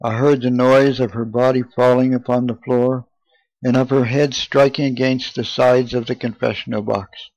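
A man's voice: mid-range voice, level tone, a little mellow, no echo. Solemn man reading a memoir, lo-fi. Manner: earnest, measured, solemn. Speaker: narrator. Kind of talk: scripted reading of a first-person memoir. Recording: dull lo-fi, dry.

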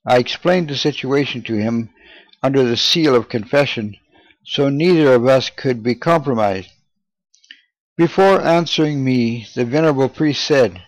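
A man reads a memoir aloud in a steady, measured narration, easing his pace over names and dates. His voice sits at an ordinary middle pitch, recorded close and dry with no room around it. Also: no echo, poor audio. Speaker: audiobook reader. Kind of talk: scripted narration.

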